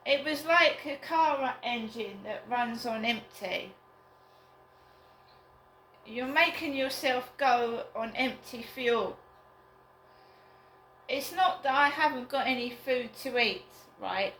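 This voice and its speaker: A woman rambling slowly and glumly in a casual solo vlog from her flat. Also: on the high side, slight background noise. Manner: slow, rambling, downbeat musing. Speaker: vlogger. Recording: roomy flat with faint ambience.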